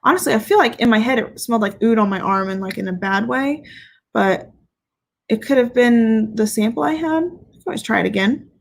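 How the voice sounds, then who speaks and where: A woman's voice: fairly high pitch, fairly quick, gravelly. A woman hosting a casual livestream as a fragrance reviewer, speaking candidly and playfully, swearing freely and laughing often. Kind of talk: casual livestream chat, reading viewer comments.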